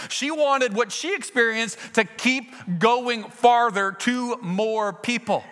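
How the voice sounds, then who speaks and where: A man preaching a sermon in a church, retelling scenes with lively acted dialogue. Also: very high-pitched, long reverb tail. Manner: earnest storytelling, acting out scenes with shifts in loudness. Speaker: pastor.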